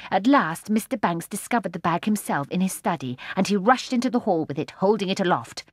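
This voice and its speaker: A woman narrating a children's storybook aloud in a measured, expressive way. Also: mid-range voice, no echo, studio quality. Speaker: audiobook narrator. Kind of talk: scripted narration.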